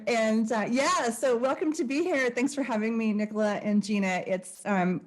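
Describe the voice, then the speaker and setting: A middle-aged woman, a leadership expert, answering as an interview guest in a polite, measured way with some fillers. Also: mid-range voice.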